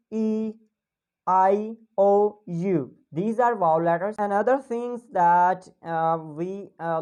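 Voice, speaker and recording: A young woman from Pakistan giving an online English lesson, explaining slowly and repeating example words. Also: on the low side, dark tone. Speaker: English accent teacher.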